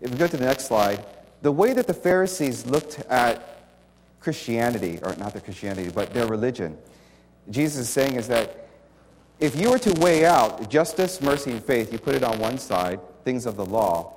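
A man's voice: medium pitch, big pitch swings, moderate pace, darkish tone. A man preaching a sermon with slides in a conversational, emphatic way, often repeating key words. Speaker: pastor. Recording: faint hall reverb and light noise.

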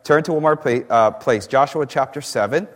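Man preaching a sermon. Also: medium pitch. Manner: reads scripture slowly, then explains in plain conversational asides. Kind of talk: sermon with scripture reading.

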